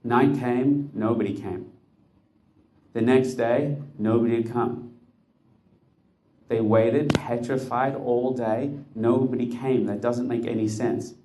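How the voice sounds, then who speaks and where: A man's voice: medium pitch, steady tone, slow, mellow, a little hiss or hum. A man telling a dramatic story to listeners, building suspense with short, punchy phrases.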